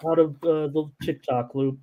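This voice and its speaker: Excitable high-voiced man joking around. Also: normal speed, narrow, tinny audio, background noise. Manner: excitable, jokey, rambling. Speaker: co-host of betting stream. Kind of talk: casual banter on live stream.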